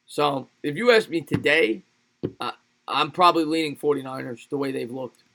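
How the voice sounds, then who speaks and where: A man hosting a live sports stream, calling plays with excitement and chatting casually with viewers between plays. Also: a little high, normal speed, gravelly, slight background noise. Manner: excitable play-by-play calls, rambling chat between plays. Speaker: livestream sports host. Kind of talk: live play-by-play and chat with viewers.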